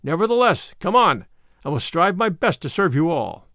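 A man voicing a strong, modest young male kinsman in a storybook reading, speaking in a quiet, earnest, polite way. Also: on the high side, very animated, moderate pace, no room sound, studio quality.

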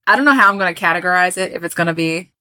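A woman with a lowish, sharp-toned voice races along while co-hosting a podcast. She chats casually and tells a history story, laughing often and joking about how she pronounces things.

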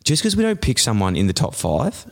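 A man's voice: mid-range voice, wildly swooping pitch, brisk, vocal fry. A young man co-hosting a casual podcast, ranting in mock outrage and laughing often. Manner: laid-back, laughing, mock-outraged rants. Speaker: podcast co-host. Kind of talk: casual chat.

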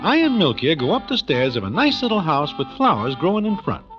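An actor playing a wry, deadpan Broadway man narrating in present tense, in 1940s radio drama style. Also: a little high, a little fast. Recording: dull old radio recording with music.

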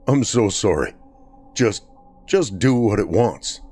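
A man's voice: fairly low pitch, expressive, slow pace, darkish tone, breathy edge, faint music behind, pitched above the performer's own voice, heavily acted. Man voicing a grim man resigned to fate. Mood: pleading.

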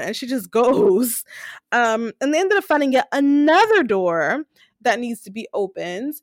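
A young woman with a slightly high voice chats casually as a podcast co-host. She retells scenes with animated bursts and acted-out quotes. The sound is dry and close. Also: measured pace, no echo. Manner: animated retelling, acting out characters' lines. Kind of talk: casual recap chat.

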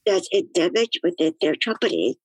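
A woman's voice: lowish voice, expressive, normal speed, a little mellow, husky, no echo, poor audio. Dry-sounding woman musing in chat. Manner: thoughtful, musing, with many "you know" fillers. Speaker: guest, disability activist. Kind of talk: casual podcast chat.

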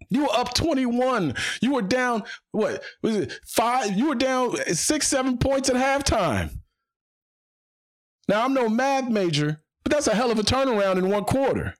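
A man hosting a solo sports podcast, speaking in a fired-up, emphatic way and repeating phrases for punch. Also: high-pitched.

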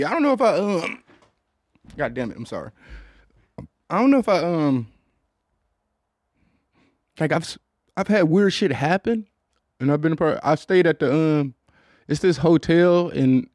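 A man's voice: on the high side, a little mellow, no echo, clean studio sound. Loose, profane man on a podcast. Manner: loose, rambling and profane, with frequent fillers. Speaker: podcast host. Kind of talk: casual podcast chat. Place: podcast studio booth.

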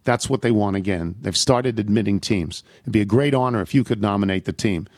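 A man's voice: on the low side, brisk, darkish tone, no room sound. A man hosting a radio show, reading listener emails aloud with a wry, amused delivery and the odd laugh. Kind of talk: reading listener mail aloud with dry humor.

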